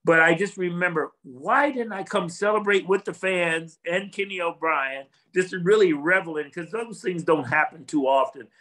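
A man's voice: high voice, lively intonation, moderate pace, few pauses, bright, forceful tone, low-quality recording. An older man, a former football player, talking as a guest in a casual interview, earnest and reflective, rambling with restarts.

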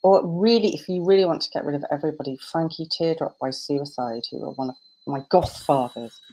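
A woman with a notably low voice talks as a guest author. She rambles with eager enthusiasm and drops casual slang into easy conversation. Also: brisk, warm tone, poor audio. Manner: enthusiastic, chatty, British slang. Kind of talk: casual chat.

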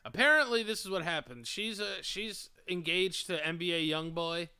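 This young man co-hosts a podcast, and his high voice is clear and resonant at a normal speed. He's an animated storyteller in casual chat, acting out the voices of the people he describes.

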